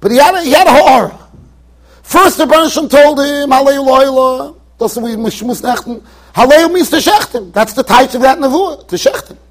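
A man's voice: very high-pitched, normal speed. A man, a rabbi, giving an emphatic yeshiva Torah lecture, mixing Yiddish and Hebrew terms into his English. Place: yeshiva study hall.

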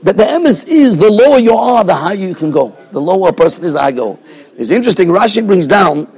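A husky-voiced man, a rabbi teaching a Torah class in a yeshiva. His voice sits high for a man. He explains at length and keeps checking in with his listeners. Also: very animated, fast talker, a little mellow. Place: yeshiva study hall.

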